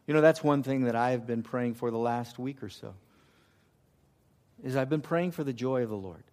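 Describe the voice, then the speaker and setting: A man preaching a sermon, swinging from loud emphatic lines to hushed, intimate ones. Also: medium pitch, a little fast. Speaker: pastor.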